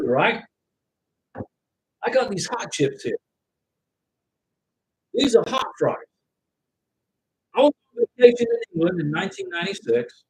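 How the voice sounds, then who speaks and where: A middle-aged man hosting a casual livestream, loudly reading out viewer comments and giving advice, at times yelling. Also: high-pitched, gravelly, slightly rough, poor audio. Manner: loud, animated, at times yelling. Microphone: home microphone with interference noted by viewers.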